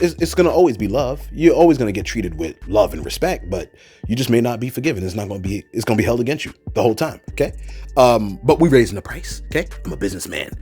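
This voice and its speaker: A man's voice: medium pitch, darkish tone, husky. A man casually commenting on celebrity gossip, digressing into preachy asides and mock-quoting people. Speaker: commentary host.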